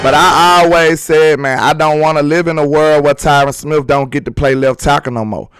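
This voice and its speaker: Excited man hosting a sports livestream. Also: a little high, normal speed, clear, resonant tone, no echo, clean studio sound, faint music behind. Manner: excitable, talkative, teasing with chat. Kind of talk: casual livestream chat reading comments.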